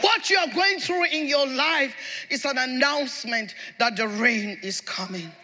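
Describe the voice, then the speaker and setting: A man preaching a sermon as pastor, shouting and repeating his refrains with passion. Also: very high voice, unhurried, a crowd in the background, noisy background. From Nigeria. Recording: reverberant hall with congregation.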